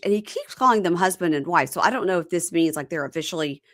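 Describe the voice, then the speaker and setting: A woman hosting a casual chat show, retelling scenes with lively acted-out bits. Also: fairly low pitch, fast, hardly any pauses, dry recording, studio quality. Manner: animated storyteller, acts out scenes. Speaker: podcast host recapping reality TV.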